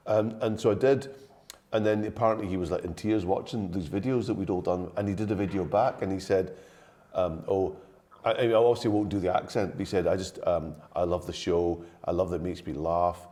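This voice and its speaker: A man in his fifties with a slightly anglified Glaswegian accent and a low, warm voice. He chats easily as a guest, telling stories and laughing often. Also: moderate pace. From Scotland. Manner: chatty storyteller, laughs often. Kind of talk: casual chat.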